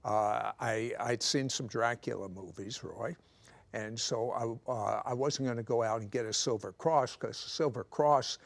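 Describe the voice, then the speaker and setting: A man telling his life story in a studio interview, animated and teasing, with jokes slipped between serious moments. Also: mid-range voice, moderate pace, vocal fry. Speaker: guest telling his testimony. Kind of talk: conversational testimony. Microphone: clip-on microphone.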